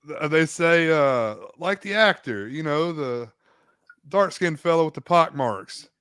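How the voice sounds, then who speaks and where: A man's voice: fairly high pitch, expressive, measured pace, a bit bright, clean tone, dry recording, clean studio sound. A man co-hosting a podcast, making blunt, cynical remarks in a casual film discussion. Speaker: podcast co-host.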